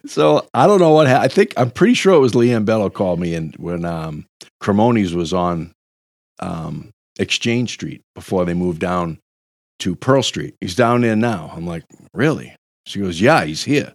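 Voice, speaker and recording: Profane low-voiced man. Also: normal speed, no echo, studio quality. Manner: profane, animated, acts out quotes. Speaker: storyteller. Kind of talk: casual storytelling among friends.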